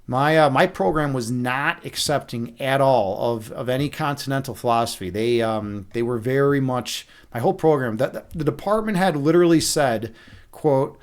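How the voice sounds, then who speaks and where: A man's voice: mid-range voice, normal speed. A middle-aged man hosting a livestream, chatting casually and loosely, with many restarts, fillers and the odd curse. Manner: loose and profane. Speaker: livestream host. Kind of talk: rambling casual livestream chat.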